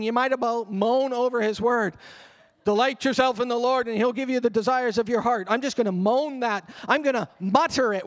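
An older man, a pastor, delivering an animated sermon that drops at times to a murmured prayer. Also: very high-pitched. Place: church hall. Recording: long reverb of a church hall.

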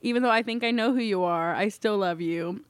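A woman's voice: mid-range voice, fairly quick, smooth, dry recording. A woman co-hosting a podcast in casual chat, teasing and playful, laughing often. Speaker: podcast co-host.

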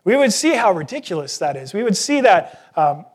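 A man's voice: sits high, big pitch swings, normal speed, slightly rough. A man preaching an earnest sermon, asking rhetorical questions and joking at his own expense. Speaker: pastor.

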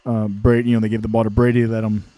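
This man chats casually while watching a game live, rambling with plenty of fillers and restarts in a laid-back way, chuckling between thoughts. His voice sits on the low side with little pitch movement, rapid-fire yet mellow, and it's growing lower and tired. The casual live-stream chat is recorded dry.

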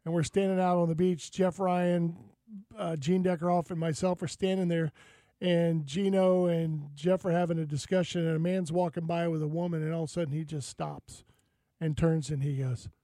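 High-voiced lively male radio host. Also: normal speed, no room sound. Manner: lively storyteller, acts out quotes. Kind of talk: casual sports and outdoors radio chat.

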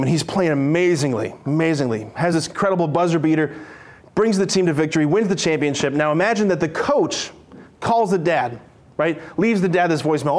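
A man preaching a lively sermon, playful and animated, acting out characters in his stories. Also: a little high.

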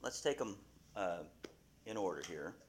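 A man's voice: sits low, expressive, unhurried, very noisy. A man teaching a Bible class, asking his listeners questions and often restarting his sentences.

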